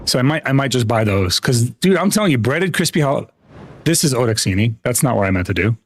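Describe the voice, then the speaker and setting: A man from the United States chatting casually on a gaming livestream, a rambling, profane storyteller who restarts his sentences and often jumps up in pitch. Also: sing-song, quick pace, no echo. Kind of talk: casual live-stream chat while gaming.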